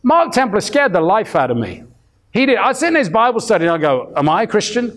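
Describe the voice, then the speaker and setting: Sitting high in pitch, this man's fairly bright voice swings widely as he talks at a fairly quick pace. He's in his fifties and delivering a sermon, chatting through stories, voicing the characters himself, and frequently starting over mid-thought.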